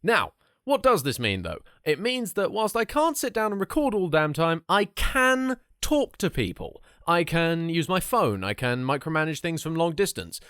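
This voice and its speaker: A man's voice: on the high side, big pitch swings, moderate pace, a bit bright, clear, resonant tone, no echo, clean studio sound. A man giving a casual vlog update with wry joking asides. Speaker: YouTuber.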